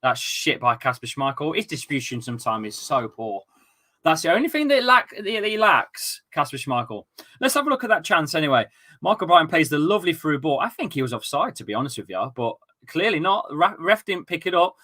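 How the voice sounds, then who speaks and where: A young man with a bright, forceful voice calls a football match live for his viewers, chatting and reacting. He gets excitable and sometimes bursts into shouts and swearing. His pitch sits a touch high. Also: fairly quick. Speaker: football watchalong host. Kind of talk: live match commentary and chat.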